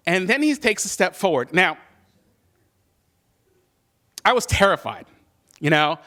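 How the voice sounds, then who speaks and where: A man's voice: sits high, lively intonation, a little slow, pauses often, pushed and bright. A man telling a personal story live, conversational and self-deprecating, with many fillers. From California.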